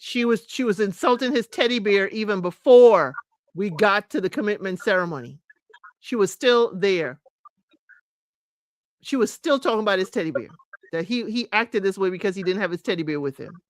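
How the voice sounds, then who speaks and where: A woman giving a chatty, animated recap of a reality show, talking straight to her viewers. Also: medium pitch, normal speed, no echo. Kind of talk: casual recap commentary.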